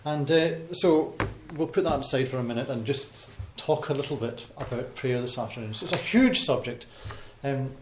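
A man giving an informal Bible talk to a congregation, pausing often with ums and restarting his sentences. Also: medium pitch. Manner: hesitant, many ums and restarts. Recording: echoey hall with faint noise.

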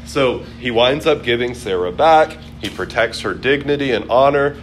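Brief: male Bible study teacher, casual and amused, mid pitch, faint room noise. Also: expressive, normal speed. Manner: chatty, amused, many fillers.

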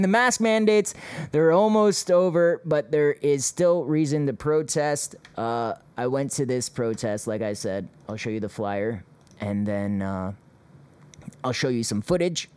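A man hosts a call-in show in a loose, rambling way, dropping sarcastic remarks and little chuckles. His voice sits at an ordinary middle pitch. The sound is dry and close. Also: a little mellow, smooth, dry recording. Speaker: host. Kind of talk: casual call-in show chat.

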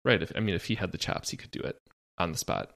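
A man's voice: deep voice, expressive, fast talker, vocal fry, fairly bright tone. A man co-hosting a casual music podcast, telling stories with dry sarcasm. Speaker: podcast co-host. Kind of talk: casual chat.

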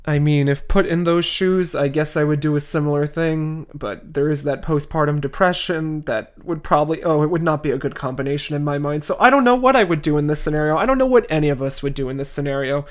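A man's voice: fairly high pitch, brisk. A man hosting a podcast, casually retelling a classic novel with wry, chatty asides. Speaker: podcast host. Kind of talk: casual book recap.

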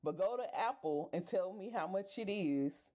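A woman's voice: mid-range voice, expressive, normal speed, dark tone. Exasperated woman podcast host ranting. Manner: exasperated, swears freely, talks straight to listeners. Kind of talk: casual storytelling rant.

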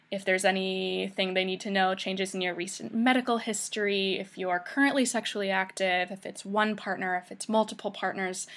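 A young woman hosts a podcast and shares a personal story in a casual, chatty manner, with frequent ums and restarts. Her voice is mid-range and a bit bright.

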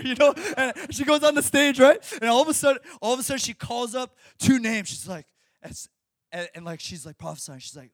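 A young man, a high school pastor, preaching and telling a personal story with lots of laughter and restarts. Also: a little fast, dry recording, clean studio sound. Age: young adult. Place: Chicago suburbs.

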